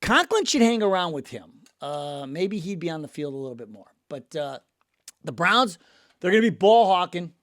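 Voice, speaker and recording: A middle-aged man with a high, very animated voice hosts a casual sports chat while a little sick. He rambles and jokes at his own expense. The recording is dry and close. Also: moderate pace, no echo. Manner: jokey, rambling, laughs at himself. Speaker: sports podcast host.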